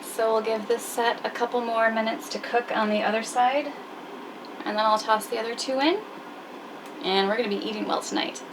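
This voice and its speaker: A woman's voice: fairly high pitch, fairly even intonation, moderate pace, far from the mic. A woman sailing vlogger chatting casually and self-deprecatingly while she cooks on a small boat. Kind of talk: casual cooking chat. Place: small sailboat cabin. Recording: noisy boat ambience.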